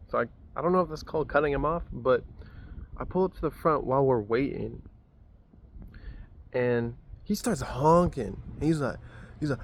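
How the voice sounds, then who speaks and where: A man's voice: medium pitch, animated, moderate pace, pauses often, slight background noise. A young man telling a rambling, profane story in a casual vlog. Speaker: vlogger.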